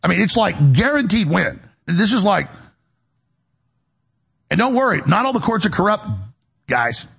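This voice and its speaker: A man's voice: high voice, very animated, a little slow, vocal fry, long pauses, fairly bright tone, husky. A man hosting a broadcast show from a studio, talking in an agitated, rambling monologue that is full of repeated words and restarts. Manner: agitated, repetitive, with many restarts. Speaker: radio and web show host.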